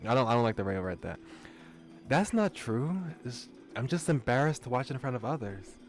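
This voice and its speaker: A man's voice: on the low side, rapid-fire, faint music behind, voice pushed down, close to an everyday voice. A man reading as a shy, stammering teenage boy. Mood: embarrassed. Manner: hesitant, stammering.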